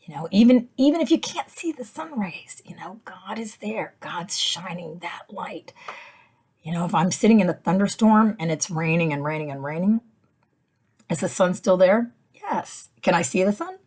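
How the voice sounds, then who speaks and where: Woman host, low husky voice, soft-spoken, casual devotional talk, thinks aloud with lots of fillers. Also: animated, moderate pace. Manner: soft-spoken and reflective, with many "you know" fillers. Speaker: host of a weekly inspirational message.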